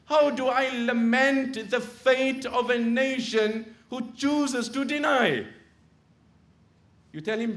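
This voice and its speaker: A man with a high-pitched voice delivers a sermon. He tells stories in a hushed tone, then rises into loud, impassioned pleading. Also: unhurried. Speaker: preacher. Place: Islamic center.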